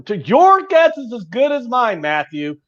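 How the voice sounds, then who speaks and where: A man co-hosting a casual podcast, ranting with heated profanity and shouting. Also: extremely high pitch, wildly swooping pitch, unhurried. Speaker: podcast co-host. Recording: muffled lo-fi audio.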